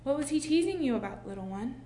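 A woman voicing a kind, gentle male schoolteacher who speaks softly and encouragingly, read aloud from a storybook. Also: sits high, lively intonation, quick pace, roomy sound, slight background noise, pitched above the performer's own voice. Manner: soft, warm and encouraging.

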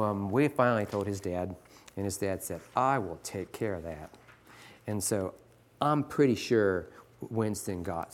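Earnest low-voiced man teaching. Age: 40s. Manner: earnest, pleading, reads scripture aloud. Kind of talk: teaching a class of teachers with scripture.

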